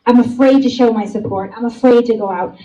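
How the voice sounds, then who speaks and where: A woman's voice: on the high side, a little fast, warm tone, a little hiss or hum. A woman giving an earnest, emphatic speech at a fundraiser event. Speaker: speaker at a fundraiser. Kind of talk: public speech. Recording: muffled, distant event clip.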